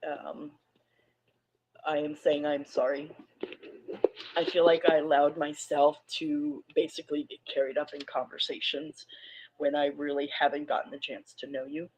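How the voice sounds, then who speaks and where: A woman making a hesitant, subdued personal statement to an online community, pausing often. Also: deep voice, little pitch movement, a little mellow, slight background noise. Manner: subdued, hesitant, many pauses and ums. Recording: muffled lo-fi audio, played back on a stream.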